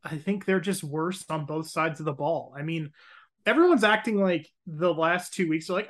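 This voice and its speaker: A man co-hosting a casual sports-betting chat who hedges and stumbles over his openings while he thinks out loud. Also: fairly high pitch, normal speed. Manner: hedging, stammers at starts, thinks aloud. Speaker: podcast co-host.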